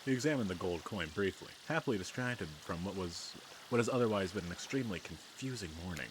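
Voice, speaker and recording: A man's voice: low voice, animated, fast talker, noisy background. A man reading a dating game's text aloud and adding wry, self-deprecating comments. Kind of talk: let's play reading and commentary. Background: game music.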